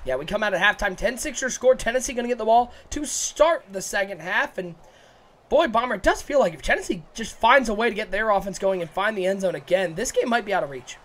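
A man doing excitable play-by-play commentary for a video game football broadcast, joking and shouting on big plays. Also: sits high, fast.

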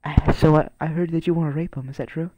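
A man's voice: fairly high pitch, steady tone, fast, mellow, no room sound, highs cut off. A man playing a prison guard in a casual online game role-play, barking short orders at other players.

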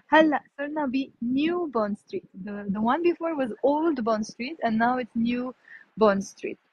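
High, husky-voiced Lebanese woman teaching. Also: dry recording, lo-fi sound. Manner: explains words, repeats each one slowly, chatty asides. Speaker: Arabic teacher. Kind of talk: live walking street lesson. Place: outdoors on a city street, walking. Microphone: phone held in hand.

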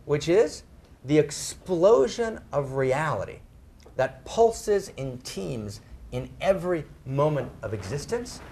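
Middle-aged man lecturing a live audience, lively pitch, emphatic, drawn-out stressed words. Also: vocal fry, slight background noise. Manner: emphatic, tags phrases with "right?", slows down to stress words. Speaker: speaker on spirituality and sexuality. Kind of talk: animated talk to a live audience.

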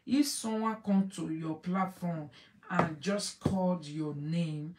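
A woman's voice: on the low side, takes it slowly, distant mic, heavy background noise. A woman with a Nigerian Pidgin accent hosting an online show, commenting emphatically to her audience and repeating phrases as she switches between pidgin and English. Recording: echoey room, voice away from mic.

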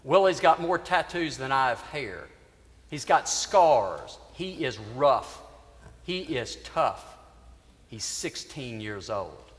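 A man priest preaching a sermon in a church, telling a story earnestly with dramatic pauses. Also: mid-range voice, expressive. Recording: reverberant church hall.

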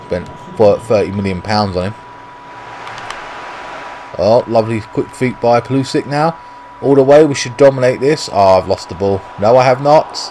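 A man's voice: mid-range voice, moderate pace, warm tone, slight background noise. A man with a British accent giving live commentary over his own football video game, swearing often and talking to himself in frustration. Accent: British English. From Britain. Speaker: gaming YouTuber.

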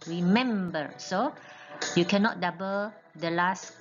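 A woman teaches a grammar lesson at an unhurried, deliberate pace, spelling words letter by letter and pausing to check understanding. The recording sounds somewhat muffled and lo-fi, with faint music underneath. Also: mid-range voice, animated. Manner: slow, patient, spells out letters, repeats "okay". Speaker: English teacher.

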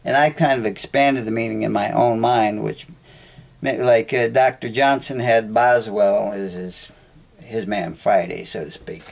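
A man's voice: fairly low pitch, steady tone, measured pace, creaky. A man hosting his own podcast, talking in a chatty, jokey monologue that wanders and interrupts itself. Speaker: podcast host. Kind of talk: rambling solo monologue.

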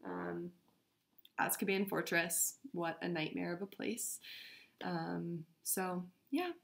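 A woman's voice: fairly low pitch, slow, gravelly. A woman hosting a podcast, reading a story aloud and chatting casually with fillers. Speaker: podcast host. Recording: roomy echo.

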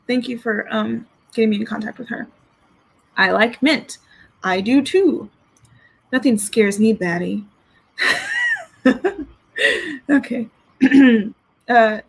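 A woman with a slightly high-pitched voice chats casually at home while reviewing perfumes. She giggles often and reads out viewer comments as she goes. Her delivery is loose and conversational. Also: slow pace, gravelly, long pauses, slightly rough, low-quality recording. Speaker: fragrance reviewer. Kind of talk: casual live-stream chat. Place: home with dogs.

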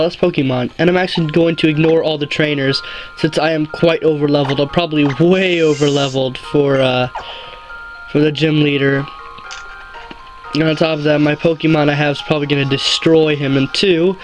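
A male let's play host talks through his game in a loose, rambling way, cracking small jokes and correcting himself mid-sentence. His voice sits a little higher than most men's, and quiet game music plays under him. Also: low-quality recording. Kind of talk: casual gameplay commentary.

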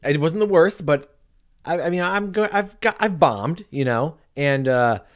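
A man's voice: on the high side, animated, unhurried. A man hosting a casual podcast chat, joking and laughing at his own lines. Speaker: podcast host.

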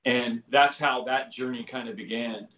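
The podcast audio is roomy and a bit dull, with a little hiss or hum, as a former special ops soldier in his fifties rambles through stories as a guest. His medium-pitched voice is pushed and bright, steady in tone, at a moderate pace, peppered with "you know," "like," and casual swearing.

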